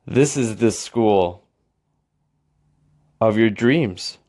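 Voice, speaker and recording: Man acting out a rejection letter, awkward, rambling, overly casual, slow-talking. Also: lowish voice, darkish tone. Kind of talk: comedic impression.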